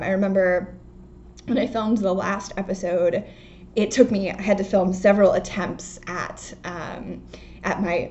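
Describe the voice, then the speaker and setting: A woman's voice: mid-range voice, darkish tone, dull audio. A young woman hosting a knitting podcast from home, chatting casually and rambling with lots of ums. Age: young adult. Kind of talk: casual chat. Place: home, indoors. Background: faint outdoor work noise.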